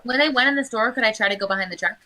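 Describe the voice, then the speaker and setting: A woman's voice: on the high side, very fast, pushed and bright, rough recording. A woman playing a tabletop game, hesitantly asking questions and restarting her sentences. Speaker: player.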